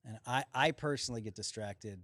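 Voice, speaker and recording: A man who is a singer-songwriter, a guest in a casual conversation, relaxed and joking with hesitant starts. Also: mid-range voice, a little fast, no echo, clean studio sound.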